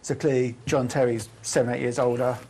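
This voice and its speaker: A man's voice: mid-range voice, little pitch movement, a little fast, darkish tone, slight background noise. A man on a football podcast panel giving a matter-of-fact opinion. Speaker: panel guest. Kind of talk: casual football chat.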